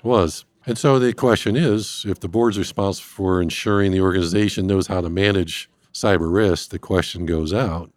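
A man speaking as a guest expert, explaining risk step by step in a measured way. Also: sits low, dry recording. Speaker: industrial cybersecurity guest expert. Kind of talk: explanatory interview talk.

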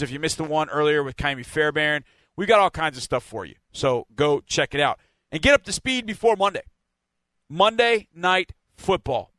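A man's voice: fairly high pitch, fairly bright tone, no room sound. A man hosting a team podcast, wrapping up in a chatty, rambling way with laughs. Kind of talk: casual radio-style sign-off.

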